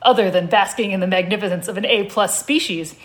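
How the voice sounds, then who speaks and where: Jittery rambling tiger guy, keeps denying stuff too fast , woman reading him out loud, medium pitch. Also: close to an everyday voice. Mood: flustered. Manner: flustered, rambling, quick denials. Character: anxious, defensive male tiger, imaginary friend. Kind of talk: comic story reading at a live show.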